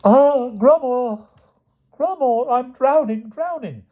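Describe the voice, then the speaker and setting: A man voicing a hysterical, theatrical witch queen in a high shrieking falsetto, on a dull lo-fi recording. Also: slow. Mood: melodramatic wailing.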